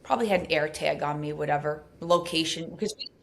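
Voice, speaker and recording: A middle-aged woman, a podcast guest telling stories in a casual, animated way, full of fillers. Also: low voice, fast, creaky. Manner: animated, acts out quoted speech, frequent fillers. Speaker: podcast guest, abuse recovery coach. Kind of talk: casual storytelling interview.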